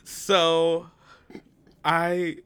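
Fairly high in pitch, his clear, resonant voice moves extremely slowly. He's a podcast co-host spinning a story in casual talk, animated and quick to laugh as he acts out quotes.

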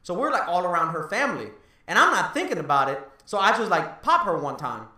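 A man in his thirties in casual podcast chat, talking fast and loose, swearing and tagging lines with "bro" and "right?". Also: high-pitched, big pitch swings, sharp tone, reverberant, distant mic. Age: 30s. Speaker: podcast co-host.

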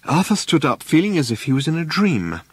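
A man narrating a comic story in a measured, dry storytelling manner. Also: fairly high pitch, big pitch swings, husky, dry recording. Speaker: audiobook narrator. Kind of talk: scripted narration.

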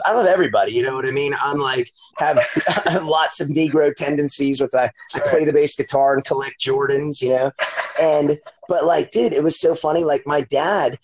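A middle-aged man hosting a podcast, telling a long story in casual, rambling chat that is full of swearing, "like" and "you know". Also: fairly high pitch.

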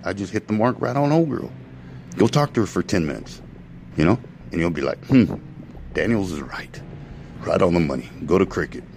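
A man's voice: deep voice, a little mellow, a little hiss or hum, rough recording. A man ranting in a profane, rambling monologue to his followers, often stopping to correct himself. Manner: profane, ranting, self-interrupting. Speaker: vlogger.

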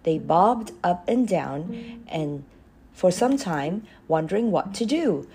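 Storyteller woman, mellow and expressive, lively pitch, faint music underneath. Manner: expressive, measured. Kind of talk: storybook reading aloud.

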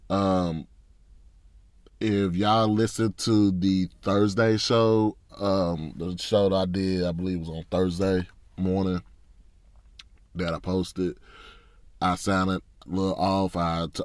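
A man's voice: low voice, smooth, no echo. A man hosting a casual sports talk podcast, sounding congested and fatigued, frank and frustrated. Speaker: podcast host.

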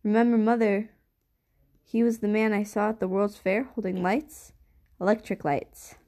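A woman's voice: mid-range voice, steady tone, normal speed, dark tone, close to an everyday voice. A woman voicing an enthusiastic uncle who loves the stars, telling his stories with eager wonder. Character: enthusiastic stargazing uncle, adult man.

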